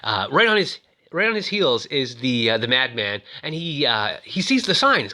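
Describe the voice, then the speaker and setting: A man casually retelling a film's story with toys, chatty and full of fillers, shouting out the characters' lines as he goes. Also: a little high, sing-song, normal speed. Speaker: toy reviewer retelling a film.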